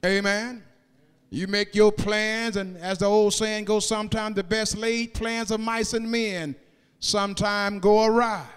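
A man preaching a sermon in a church, moving into sung, rising cadences and shouted peaks, and drawing out key words slowly. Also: high voice, level tone, clear, resonant tone, soft background music. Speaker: pastor. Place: church sanctuary. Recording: long reverb of a large hall.

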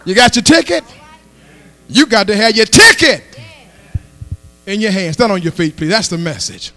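A man preaching a sermon as pastor, rising into shouted and half-sung call-and-response lines, recorded in a church with a mains hum. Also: sits high, animated, moderate pace, long pauses. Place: church sanctuary.

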